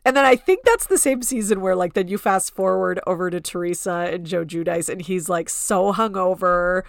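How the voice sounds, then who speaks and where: A chatty woman hosts a podcast in a loose, gossipy way and fills her talk with "like". Her voice sits a little low. The sound is dry and close, with no room in it. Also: moderate pace, creaky, no room sound. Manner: chatty, lots of "like" fillers, mocking quotes. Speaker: podcast host. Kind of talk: casual gossip chat.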